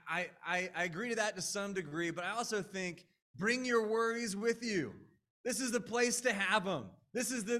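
Man, pastor, casual earnest sermon, fairly high voice, bright and forceful tone. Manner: conversational, earnest, with restarts.

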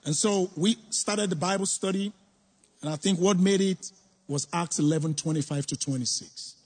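Speaking at a moderate pace in a high voice, a middle-aged man shares his testimony with the congregation. His tone is earnest and reflective, and he repeats words to drive points home.

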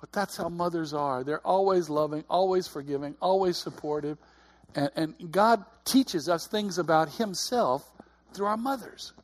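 A man's voice: a little high, moderate pace. A middle-aged man giving a conversational sermon, earnest, often repeating his words. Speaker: preacher.

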